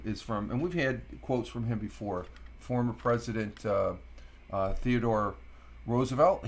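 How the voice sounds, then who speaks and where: This fairly low-pitched voice belongs to a middle-aged Upstate New Yorker running a laid-back morning live stream. He wanders through his talk full of fillers, slowing down whenever he reads a quote aloud.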